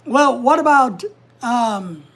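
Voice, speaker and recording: A woman's voice: on the high side, lively intonation, slow pace. A woman hosting a casual livestream from home, chatting, giving advice and reading out viewer comments. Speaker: livestream host.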